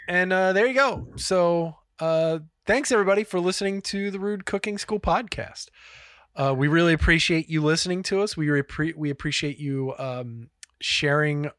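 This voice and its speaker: A man's voice: a little high, normal speed, fairly bright tone, no echo, clean studio sound. Loose, profane man hosting. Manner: loose and profane, rambling asides. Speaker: podcast co-host. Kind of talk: casual chat.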